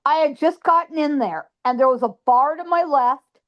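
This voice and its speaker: A woman's voice: high-pitched, normal speed, muffled recording. A woman guest psychic telling ghost stories in an interview, emphatic, piling up repeated words for stress.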